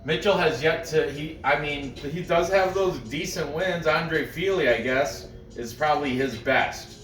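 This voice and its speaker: A man's voice: fairly high pitch, measured pace, fairly bright tone, echoey room, distant mic, soft background music. A man hosting a casual podcast who rambles through fight picks, joking and laughing often. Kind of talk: casual chat.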